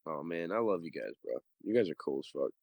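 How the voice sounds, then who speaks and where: A man chatting as a guest on a podcast, excitable and sweary, calling people dude and bro. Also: low voice, fast talker, creaky, dry recording. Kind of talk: casual chat.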